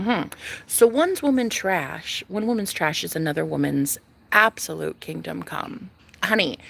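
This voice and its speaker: Sassy, gravelly, bright young woman vlogging. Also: medium pitch. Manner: sassy, profane, dramatic, swinging from loud to hushed. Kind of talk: casual monologue to camera.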